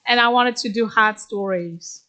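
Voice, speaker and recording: A woman's voice: fairly high pitch, unhurried, sharp tone, clean tone. A middle-aged woman from Korea addresses graduates at a ceremony. She tells stories from her own career in a candid, conversational way that stays plain and direct. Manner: conversational, candid, with frequent "actually". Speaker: graduation guest speaker. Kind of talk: ceremonial speech, personal storytelling.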